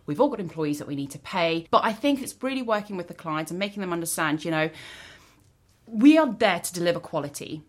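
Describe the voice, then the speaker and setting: A woman, a podcast guest, chatting casually and ranting with animated quoted voices. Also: on the low side.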